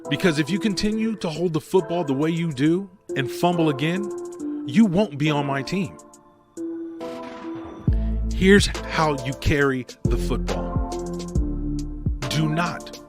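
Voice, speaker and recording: A man's voice: on the high side, lively intonation, unhurried, long pauses, over music, pitched above the performer's own voice. Stern no-nonsense coach, man doing the voice, barking short orders. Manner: curt, commanding.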